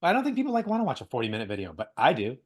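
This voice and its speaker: A man co-hosting a casual podcast, animated and joking, laughing often and rambling through news. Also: medium pitch, very fast, slightly rough. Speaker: podcast co-host. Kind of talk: casual chat.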